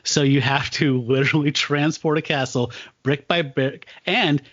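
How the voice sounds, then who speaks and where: A man co-hosting a casual comic book podcast, enthusiastic and quick to laugh. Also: a little high, a bit bright, no room sound, lo-fi sound. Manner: enthusiastic, laughs often, makes pop culture comparisons. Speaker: podcast co-host.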